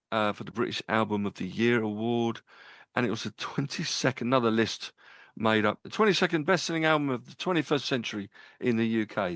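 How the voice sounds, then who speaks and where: A man's voice: fairly low pitch, a bit bright, no room sound. A man co-hosting a live radio music show, chatting casually and reeling off chart facts. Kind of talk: casual chat about albums. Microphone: studio mic.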